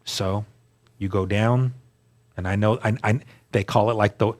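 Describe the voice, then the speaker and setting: A man's voice: fairly low pitch, fairly even intonation, a little slow. A man recounting his personal testimony in an interview, telling the story earnestly and acting out the dialogue he quotes. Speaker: guest sharing testimony.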